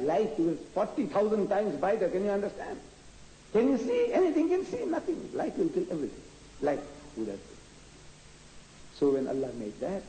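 A man giving a public religious lecture, emphatic and conversational, who breaks into chanting and mimicking voices and speaks straight to his listeners. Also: a little hiss or hum. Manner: animated, emphatic, chants and mimics voices with sudden pitch jumps; repetitive, conversational, addresses listeners directly. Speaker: Muslim preacher and debater. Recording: roomy hall recording.

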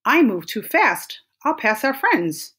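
A hasty storybook rabbit who brushes off every request with quick excuses, as a woman reading aloud puts him on. He speaks with bouncy, lively pitch. His voice is breathy. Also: exaggerated voice. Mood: dismissive.

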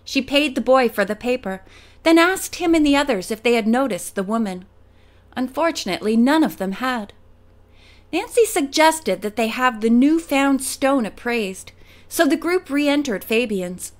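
A woman narrating a mystery audiobook in a clear, steady storytelling manner. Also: high-pitched, normal speed. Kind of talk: audiobook reading.

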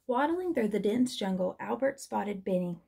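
A woman teacher reading a children's storybook aloud in a gentle, expressive manner. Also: medium pitch, moderate pace, vocal fry, husky.

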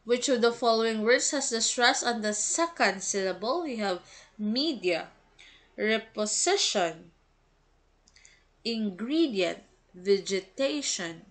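A woman, an English teacher slowly reading quiz items and giving the answers, pronouncing each word with care. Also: fairly high pitch, lively intonation. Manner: slow, deliberate, enunciates each word.

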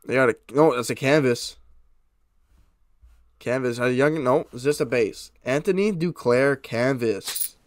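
A man's voice: medium pitch, a little slow, dry recording. A young man chatting casually to his viewers while opening packs of trading cards. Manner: excited, chatty, talks to viewers. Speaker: card-opening YouTuber. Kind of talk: casual pack-opening commentary.

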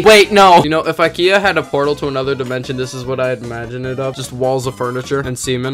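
A young man giving crude comedic commentary while playing a frustrating game, loud and erratic, breaking into shrieks of frustration. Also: medium pitch, fast, few pauses, soft background music. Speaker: gaming YouTuber.

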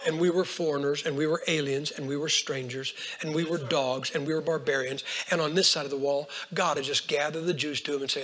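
An older man preaching a folksy storytelling sermon, swinging between hushed lines and loud bursts. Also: a little high, a little fast. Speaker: Baptist preacher.

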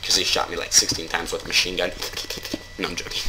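A man's voice: sits low, completely flat delivery, fast talker, gravelly, noisy background. A man giving casual let's-play commentary while he plays, rambling and joking, then taking his jokes back. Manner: rambling, jokey, keeps taking things back. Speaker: gamer.

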